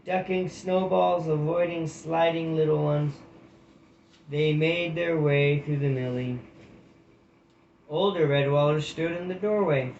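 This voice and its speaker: A man narrates a storybook aloud in a somewhat high voice, now and then restarting a phrase to fix a slip. The recording is roomy, a bit dull, with a faint hiss behind. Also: darkish tone. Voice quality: reads with restarts and slips. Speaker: audiobook reader.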